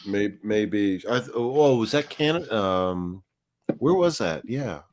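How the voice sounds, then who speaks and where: Male stream host, low and lively, loose and profane. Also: slow, a little hiss or hum. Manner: profane, rambling, jokey. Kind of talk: casual live-stream chat.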